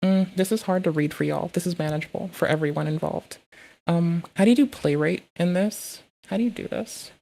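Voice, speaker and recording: A woman with a lowish voice and vocal fry talks briskly on a live stream, chatting casually and swearing as she fiddles with her software and reads messages aloud.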